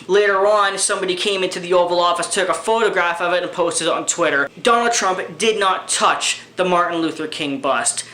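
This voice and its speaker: A man with a high, bright voice delivers angry commentary full of sarcasm and profanity. The recording is roomy, with echo around his voice. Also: fairly quick, hardly any pauses. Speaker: political commentary vlogger. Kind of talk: ranting commentary. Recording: echoey room.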